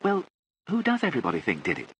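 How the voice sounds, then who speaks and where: A man's voice: mid-range voice, wildly swooping pitch, fast talker, a bit bright, husky, voice pushed up, exaggerated voice, low-quality recording. A man voicing a theatrical, flippant young aristocratic woman with breezy upper-class chatter.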